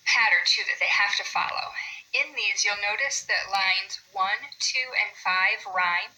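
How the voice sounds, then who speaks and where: Very bright-voiced woman teaching a poetry lesson. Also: mid-range voice, rough recording. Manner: explains patiently, says example names slowly with stress.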